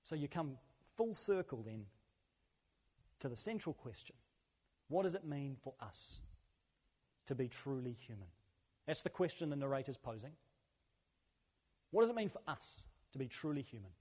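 A man's voice: medium pitch, very animated, normal speed, pauses often, a little mellow. A man preaching a sermon as a pastor, earnest and conversational, building his points through repeated phrases. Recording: long hall reverb.

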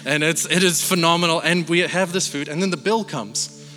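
A man from Malaysia preaching a sermon, telling a family story with lively, animated delivery and acting out his shouting relatives. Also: fairly high pitch, moderate pace, big-room sound, soft background music.

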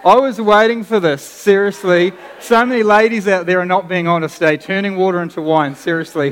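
A man preaching a sermon as pastor, animated and conversational, often restarting his phrases. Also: a little high, long reverb tail.

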